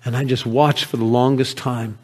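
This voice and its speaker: A man performing a dramatic first-person monologue as an earnest merchant, an emotional storyteller who swings from loud to hushed. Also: medium pitch, steady tone, moderate pace, natural voice. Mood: grieving. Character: earnest male merchant telling his story.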